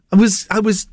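A man's voice: a little mellow, no room sound. A man hosting a breakfast radio show, joking and teasing his co-host in playful studio banter. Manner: goofy, teasing, slips into silly voices. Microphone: studio microphone.

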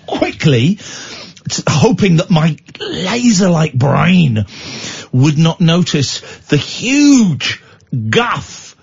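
Guy hosting late night radio, jokey and mock-angry, bit husky, muffled sound. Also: on the high side, big pitch swings, extremely slow. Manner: playful, mock-outraged teasing. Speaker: radio host. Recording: dull lo-fi radio studio sound.

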